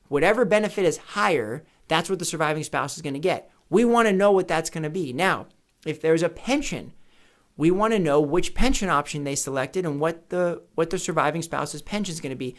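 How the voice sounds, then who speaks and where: A man advising on retirement, speaking emphatically, repeating key questions and telling anecdotes to make his point. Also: a little high. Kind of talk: educational talk to camera. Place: office or home studio. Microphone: camera mic with studio lights setup.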